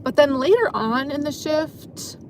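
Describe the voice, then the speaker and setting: A woman's voice: sits high, animated, measured pace, slight background noise. A woman casually telling a long story from her job as a dancer, rambling and filling her sentences with "like". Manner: rambling, filler-heavy, frequent "like".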